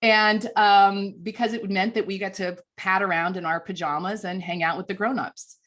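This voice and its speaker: Brief: woman, 50s, coach on stage, chatty self-deprecating storyteller, middle pitch. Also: fairly even intonation, moderate pace, a bit bright. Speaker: communications coach. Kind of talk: storytelling speech at a conference.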